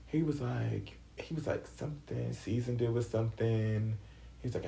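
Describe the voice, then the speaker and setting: A man telling a story in casual podcast chat, profane and animated, acting out what others said. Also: medium pitch, fairly quick, creaky, reverberant, rough recording. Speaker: podcast co-host.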